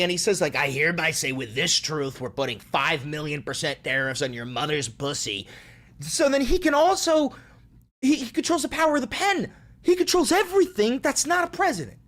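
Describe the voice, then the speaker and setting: A man hosting an online political commentary show, reading news aloud and ranting about it with sarcastic, profane outbursts. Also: a little high.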